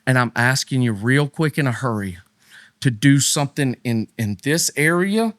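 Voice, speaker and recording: Animated middle-aged man, dry close mic. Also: normal speed, no echo. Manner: animated, jumps between high emphatic bursts and low quiet asides. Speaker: podcast co-host. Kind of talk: casual faith talk with a co-host.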